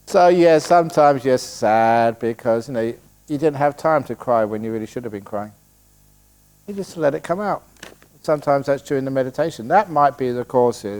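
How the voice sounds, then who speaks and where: An older man, a meditation teacher answering retreat questions in a joking, storytelling way, with a middle-pitched voice. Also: a little mellow, smooth. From England. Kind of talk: humorous Q&A talk at a retreat. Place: meditation hall.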